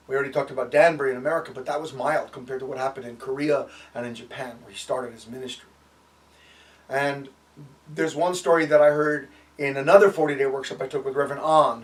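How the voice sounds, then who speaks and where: A man's voice: a little high, recorded from a distance. A man giving a sermon and telling stories, with frequent fillers and acted-out quotes. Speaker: preacher.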